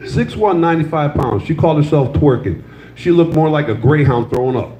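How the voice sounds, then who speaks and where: A man's voice: fairly high pitch, lively intonation, a little fast, noisy background. An older man performing a loose, crude stand-up set, telling stories and teasing the audience in a comedy club. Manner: loose, crude storytelling with crowd banter. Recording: slightly dull, roomy live club sound.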